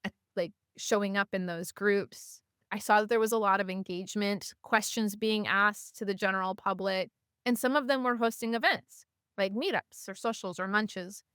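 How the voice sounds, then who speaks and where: A woman guest on a podcast, chatting casually and telling stories in an animated way, often with fillers. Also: medium pitch, moderate pace, smooth, no echo, clean studio sound. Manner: animated, acts out voices of people in her stories. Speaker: podcast guest, community organizer. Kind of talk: casual storytelling in conversation.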